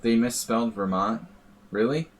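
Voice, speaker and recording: Speaking at a moderate pace in a mid-range voice, a man chats through a blitz chess live stream. His talk is wry and meandering, punctuated by laughter at his own jokes.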